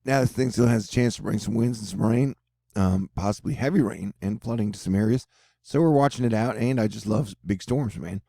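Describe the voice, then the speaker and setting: Gravelly joking weather guy from Texas. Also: on the low side, a little fast, dark tone, dry recording, studio quality. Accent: Texan. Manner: joking, rambling, offbeat asides. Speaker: weather video host. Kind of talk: casual storm-tracking commentary over forecast maps.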